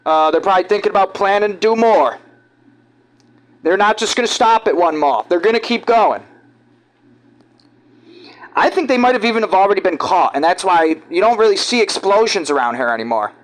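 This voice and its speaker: A man from giving rambling, halting, conspiratorial commentary over video clips. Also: sits high, expressive, rough recording. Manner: halting, restarts often, conspiratorial. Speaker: vlogger.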